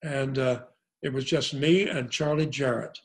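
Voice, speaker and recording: Older man telling lively stories. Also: mid-range voice, a little slow. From Arkansas. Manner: animated storyteller, acts out quoted dialogue. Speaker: guest actor. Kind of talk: anecdotal interview storytelling.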